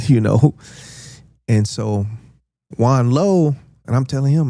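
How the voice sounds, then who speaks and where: A man's voice: mid-range voice, measured pace, long pauses, dark tone. A man in his fifties hosting a podcast and telling a story in a laid-back, slangy way, acting out the quotes. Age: 50s. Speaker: podcast host. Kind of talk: casual storytelling.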